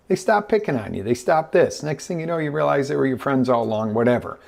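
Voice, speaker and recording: A man with a fairly high, vocal-fry voice hosts a live motivational coaching show in an online broadcast, talking fairly quickly with hardly any pauses. His motivational talk is animated storytelling in which he acts out the voices of the characters.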